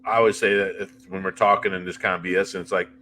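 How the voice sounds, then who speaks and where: A middle-aged man, a paranormal investigator, telling animated anecdotes in a casual interview and often restarting his sentences. He talks freely, piling one example onto the next. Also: sits low, quick pace, a little hiss or hum.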